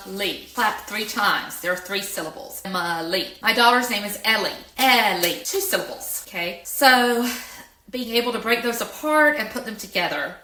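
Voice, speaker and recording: Bright-voiced woman teaching in an echoey room. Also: medium pitch. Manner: slow, clear, with stressed sounds on example words. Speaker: educator. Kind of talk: explanatory lesson.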